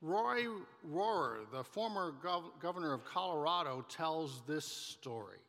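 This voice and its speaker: A male pastor preaching a sermon in a church, telling a story in a measured manner with some restarts. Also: fairly high pitch, animated, gravelly, fairly bright tone. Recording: reverberant church hall.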